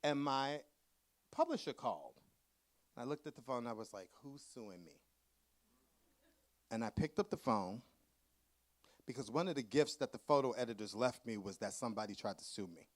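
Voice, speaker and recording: A man who is an author, telling comic stories to a live audience at a museum event in an animated, campy way and acting out the voices. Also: medium pitch, a little fast, pauses often. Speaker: author giving a book talk.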